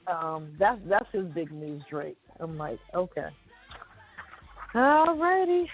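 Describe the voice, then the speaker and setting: A woman's voice: fairly low pitch, very animated, slow pace. A woman co-hosting a chat show, reading celebrity news items and adding wry asides. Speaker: co-host reading entertainment news. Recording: tinny phone-like sound with faint music.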